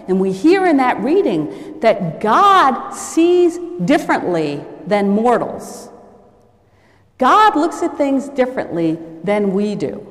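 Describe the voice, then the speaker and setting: A woman's voice: mid-range voice, sing-song, takes it slowly. A woman giving a sermon in a church, telling a story and lightly acting out the people she quotes. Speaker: preacher. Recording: long reverb of a large hall.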